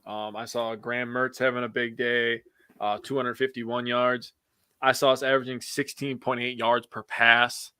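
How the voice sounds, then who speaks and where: A man in casual sports chat, loud and animated, cursing freely and laughing at his own stories. His voice is bright and the sound is dry and close, with no room around it. He reacts big and talks fast when worked up. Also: mid-range voice, smooth, dry recording. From Wisconsin. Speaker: podcast co-host.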